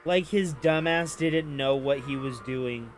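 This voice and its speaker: A woman's voice: extremely low pitch, unhurried. A woman reacting to a stream with crude, scornful heckling. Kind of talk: mocking reaction commentary. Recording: music very loud behind the voice. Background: music.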